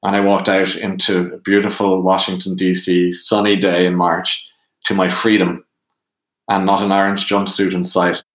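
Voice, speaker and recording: A man with an Irish accent, a podcast guest telling a lively self-deprecating anecdote. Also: deep voice, normal speed. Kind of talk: animated storytelling. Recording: roomy echo.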